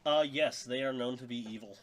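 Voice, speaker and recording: A man running a tabletop game as dungeon master, narrating in a loose, halting way with many fillers. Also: mid-range voice. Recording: dull muffled audio with background hiss.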